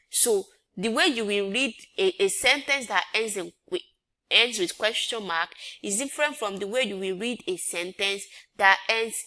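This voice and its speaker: A woman's voice: medium pitch, pushed and bright. A woman teaching an English grammar lesson, repeating each point and quizzing her listeners with rhetorical questions. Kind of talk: classroom-style grammar lesson.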